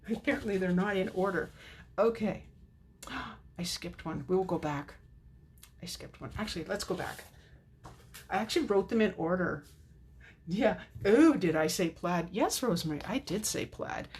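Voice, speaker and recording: A woman's voice: medium pitch, a little mellow, slight background noise. A middle-aged woman hosting a live craft unboxing, chatting to herself and answering viewers by name. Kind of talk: casual chatty product show-and-tell.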